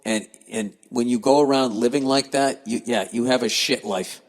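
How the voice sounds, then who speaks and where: A man's voice: mid-range voice, normal speed, long reverb tail. A man hosting a podcast, reading listener emails aloud and ranting about them in a profane, exasperated, sarcastic way. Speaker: podcast host.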